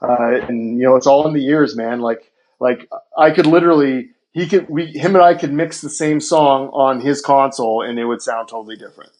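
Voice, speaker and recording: A man, a guest music producer, telling lively studio anecdotes in a casual podcast interview. He acts out quoted dialogue and swears freely. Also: medium pitch, a little fast, low-quality recording.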